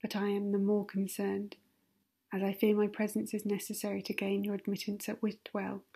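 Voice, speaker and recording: A woman playing a grave reserved colonel, formal, whispered role-play, even tone. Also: medium pitch, normal speed, creaky, breathy edge. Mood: restrained. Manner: formal, restrained.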